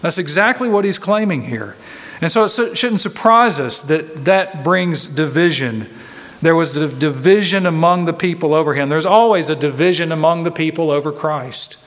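A man's voice: on the high side, normal speed, fairly bright tone. Earnest preacher man in a reverberant hall. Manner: earnest, emphatic, repeats phrases for stress. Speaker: pastor. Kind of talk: expository sermon. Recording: long reverb from a large hall.

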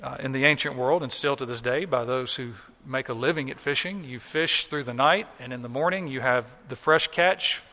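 A man's voice: medium pitch, moderate pace, few pauses, sharp tone, long reverb tail. A man preaching a sermon as pastor, explaining scripture in a conversational way and acting out quoted lines.

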